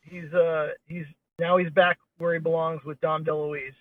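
A man's voice: on the high side, flat delivery, moderate pace, dry recording. A man in casual chat, telling rambling stories in a wry, blunt way over a call. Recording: tinny phone line.

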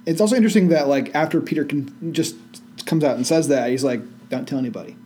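A man co-hosting a casual Bible study in a library, reading verses aloud and adding relaxed, slangy asides. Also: fairly high pitch, fast talker, a little hiss or hum. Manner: laid-back, slangy asides. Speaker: co-host reading scripture aloud.

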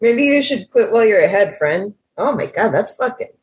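A woman's voice: mid-range voice, sing-song, fairly quick, a little mellow. A young woman co-hosting a podcast, reacting with frequent swearing in casual chat. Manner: reactive, swears, laughs often. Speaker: podcast co-host.

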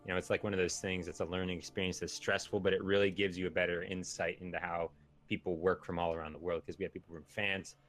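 A man's voice: low voice, level tone, quick pace, fairly bright tone, soft background music. A young man chatting as a guest, talking loosely with lots of filler words. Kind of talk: casual chat.

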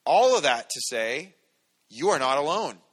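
A man preaching a conversational, animated sermon to a congregation, acting out quotes as he goes. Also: fairly high pitch, a little slow. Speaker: pastor. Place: church hall with congregation.

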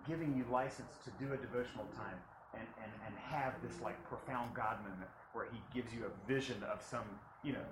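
A man preaching a sermon to students, swinging from loud preaching to hushed asides and repeating phrases for emphasis. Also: medium pitch, fairly quick, few pauses, background noise.

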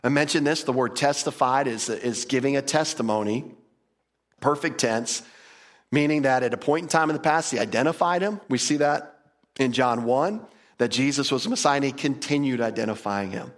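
A man's voice: medium pitch, moderate pace. A male pastor preaching a casual, humorous sermon, acting out little quotes as he goes. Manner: conversational, humorous, acts out quotes.

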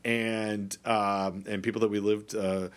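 A man's voice: fairly low pitch, flat delivery, unhurried. A middle-aged Canadian man co-hosting a podcast in casual chat, rambling with many restarts and fillers. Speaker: podcast co-host.

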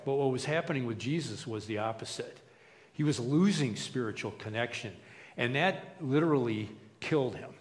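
A man preaching a sermon as a pastor, relaxed and conversational, with plenty of fillers and restarts. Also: medium pitch, in a large hall. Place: church.

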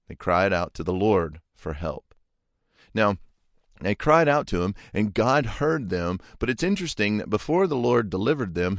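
A man talks through a scripture passage as a podcast host, his voice low and steady. The tone is earnest and conversational, and he lends the people in the story quick acted voices. The recording is dry and close, with no room sound. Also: dry recording. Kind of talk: devotional Bible commentary.

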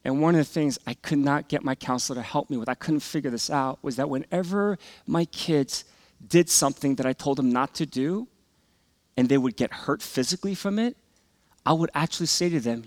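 A middle-aged man preaching and telling a personal story in earnest, rising loud and falling to near whispers. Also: fairly high pitch, fairly quick, no room sound. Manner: earnest, emotional storytelling that swings from loud to hushed. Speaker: pastor. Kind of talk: sermon testimony.

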